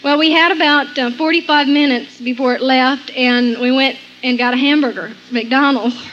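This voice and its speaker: A woman's voice: sits high, fairly even intonation, normal speed, a bit bright, dull audio, a little hiss or hum. A woman giving an earnest personal Christian testimony, often laughing between sentences and quoting scripture.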